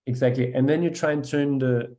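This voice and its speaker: A man with a Danish accent, a native Danish speaker, teaching pronunciation one-on-one, patient and encouraging as he slowly demonstrates each sound. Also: mid-range voice, steady tone, dark tone. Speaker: language teacher.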